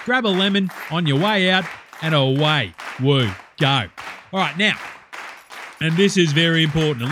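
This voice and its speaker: A man's voice: a little high, a bit bright, slight background noise, natural voice. A man with an Australian accent playing a boisterous, crude male cooking-show host in a comedy parody. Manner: hearty, crude, laid-back slangy banter. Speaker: comedy sketch performer.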